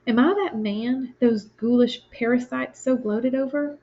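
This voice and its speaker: A woman's voice: on the high side, unhurried, warm tone. A woman reading the part of an old miserly man who begs a ghost for another chance, in a fervent, urgent voice. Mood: anxious. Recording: lo-fi, dull sound.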